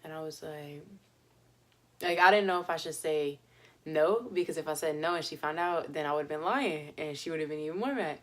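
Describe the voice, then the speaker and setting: A woman's voice: low voice, normal speed. A young woman vlogger telling a story in a chatty, casual way, with lots of fillers and laughs.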